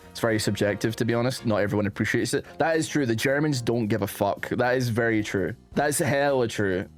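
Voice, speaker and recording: A man's voice: medium pitch, fast talker, hardly any pauses, faint music behind. Chatty man rambling animatedly. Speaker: streamer reacting to posts. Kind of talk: casual rambling commentary.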